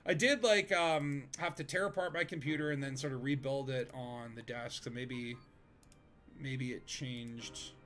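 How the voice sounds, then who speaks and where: A man's voice: mid-range voice, fairly even intonation, a little slow, fairly bright tone, faint music behind. A man streaming a space game from his home desk, chatting casually with friends, rambling and joking with lots of fillers. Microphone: desk microphone.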